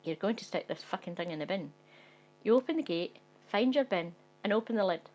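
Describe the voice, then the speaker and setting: A woman's voice: medium pitch, expressive, brisk, darkish tone. A woman reading a second-person comic short story aloud in a wry, conspiratorial tone that breaks into sweary outbursts of indignation.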